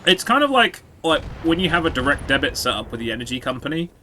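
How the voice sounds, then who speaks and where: Man, casual game commentary, very animated delivery, bright voice, wry and profane. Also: on the high side, fast, slight background noise. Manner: sarcastic, swearing, jokey asides to chat. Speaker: streamer.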